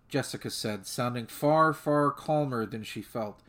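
A man narrating a fan audiobook in a measured, steady storytelling manner. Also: medium pitch.

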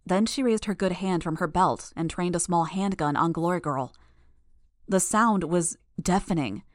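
A woman reading a first-person action novel as an audiobook in a steady, measured way. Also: fairly low pitch, no room sound, studio quality. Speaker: audiobook narrator.

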